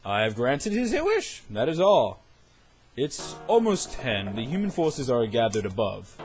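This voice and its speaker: A man voicing a sinister, calm male bird doctor in a visual novel read-aloud, speaking slowly in a measured, menacing way. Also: mid-range voice, pitched below the performer's own voice. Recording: music playing underneath.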